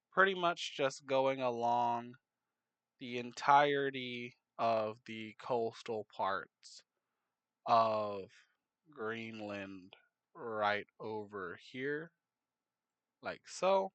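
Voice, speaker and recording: A man narrating a map game in casual commentary, unhurried, muttering asides to himself. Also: medium pitch, fairly bright tone, clear, resonant tone, dry recording, muffled recording.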